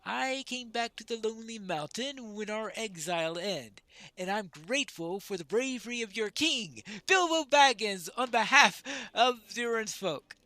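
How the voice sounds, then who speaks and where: Player doing a polite chatty dwarf, formal, lively pitch. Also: normal speed, dry recording. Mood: courteous. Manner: polite, wordy, formal reading. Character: courteous talkative male dwarf traveler.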